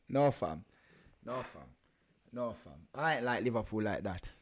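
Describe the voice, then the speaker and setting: A man's voice: mid-range voice, a little slow. Bantering man hosting a stream. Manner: animated and teasing, with slang and banter. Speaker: livestream football host. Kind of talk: casual live chat, reading out viewer comments.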